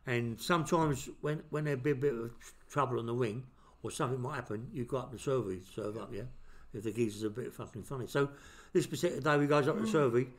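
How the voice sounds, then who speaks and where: A man's voice: mid-range voice, quick pace, few pauses. A middle-aged man, a podcast host telling a blunt, swear-filled story in casual chat.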